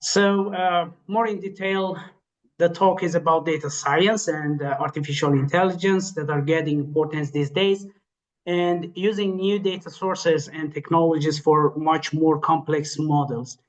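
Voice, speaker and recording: A man giving an academic webinar lecture, his voice tired after hours of teaching, pausing often with fillers. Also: a little high, steady tone, rough recording. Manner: hesitant, many filler pauses. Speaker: guest lecturer.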